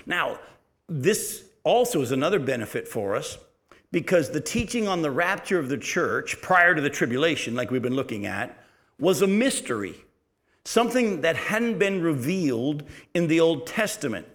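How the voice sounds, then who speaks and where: Middle-aged pastor, slightly high voice, easygoing storytelling sermon. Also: male voice, big pitch swings, moderate pace. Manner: conversational storytelling, sometimes drops to a quiet, low delivery.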